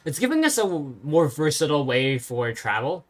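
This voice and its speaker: A game streamer giving casual let's-play commentary, thinking aloud and pausing often with fillers. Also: mid-range voice, big pitch swings, soft background music.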